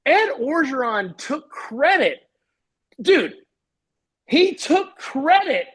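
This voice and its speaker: A man's voice: very high-pitched, sing-song, slow pace, fairly bright tone. A man from co-hosting a live sports show, talking in a profane, ranting way. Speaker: podcast co-host. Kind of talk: casual sports talk.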